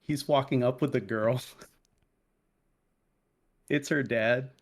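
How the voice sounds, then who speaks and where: A podcast co-host in his thirties talks slowly in a mid-range voice while telling a story over casual chat. His delivery is animated and profane, full of swearing and fiery side comments.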